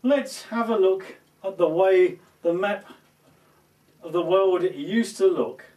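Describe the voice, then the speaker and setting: A man's voice: high voice, slow, dark tone, far from the mic. A man playing a pompous, nostalgic English lord in a comedy sketch, proclaiming in a lofty voice.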